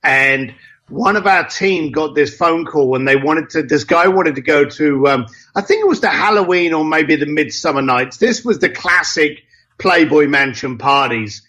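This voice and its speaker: A man telling anecdotes in an interview, acting out dialogue in a lively way with casual slang and mild swearing. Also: on the high side, normal speed. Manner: lively, acts out both sides of dialogues. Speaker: interview guest. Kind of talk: anecdotal storytelling.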